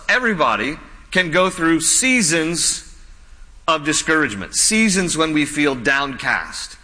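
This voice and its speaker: A pastor preaching a sermon, earnest and conversational, slowing down to stress key words. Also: male voice, fairly high pitch, pushed and bright. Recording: long hall reverb.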